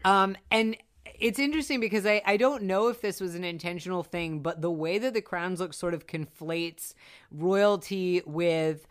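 Woman chatting about a movie, smooth clear voice, lots of likes and ums. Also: on the low side, moderate pace. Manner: chatty, animated, many fillers and asides. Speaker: podcast co-host discussing a film. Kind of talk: casual chat.

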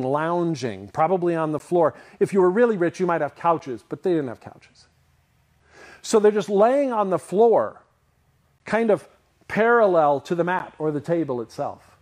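A man preaching a sermon in a conversational style, asking his listeners questions and picturing scenes for them. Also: on the high side. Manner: conversational, animated, asks the audience questions. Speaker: pastor.

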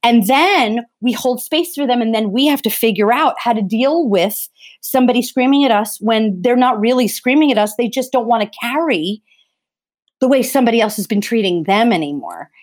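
A woman's voice: a little high, lively intonation, moderate pace. A middle-aged woman talking earnestly in a conversation, emphatic and often restarting her phrases. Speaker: theatre vocal coach.

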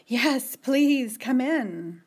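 A woman's voice: high voice, lively intonation, very slow, pitched above the performer's own voice, heavily acted. A woman voicing a nervous, flustered grown man who stammers and speaks timidly.

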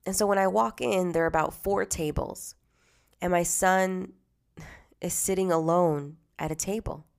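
A low-pitched woman with a gravelly edge to her voice, recounting a personal story about her son. She talks conversationally, often dropping to a hushed tone and growing animated when she is indignant. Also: unhurried. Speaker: mother telling her story.

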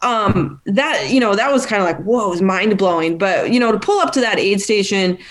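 Dietitian guest, female, chatty and easygoing, mid-range pitch. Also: animated, fairly quick. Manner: chatty, laughs often, many fillers and restarts. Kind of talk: casual interview conversation.

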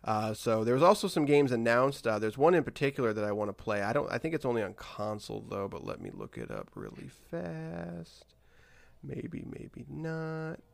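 A man's voice: mid-range voice, sing-song, normal speed, vocal fry. A man hosting a casual podcast about games, rambling with frequent restarts and trailing-off asides. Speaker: podcast host.

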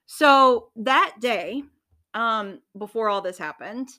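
A woman's voice: fairly high pitch, takes it slowly. A woman casually and profanely retelling a book's plot, acting out the characters' lines as she goes. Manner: profane, animated retelling with acted-out quotes. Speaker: book reviewer. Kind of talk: casual book chat.

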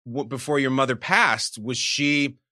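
A man's voice: medium pitch, a little slow, bright, forceful tone. A man hosting an interview with quiz questions, playful and teasing. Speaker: host.

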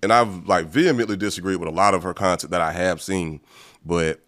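A man with a very low voice co-hosts a podcast. He rambles through his thoughts in casual chat, hedging and circling back with swearing along the way. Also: fairly quick, a bit bright. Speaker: podcast co-host.

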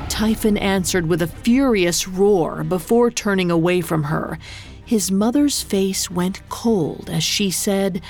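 A woman narrator reading a scripted myth in a measured, dramatic storytelling manner. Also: mid-range voice, lively intonation, a little mellow. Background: faint music.

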